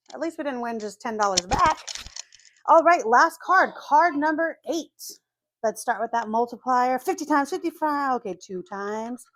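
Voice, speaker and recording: A woman calmly narrating as she scratches lottery tickets, methodically spelling out letters one by one. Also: mid-range voice, slight background noise. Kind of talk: calm scratch-and-reveal narration.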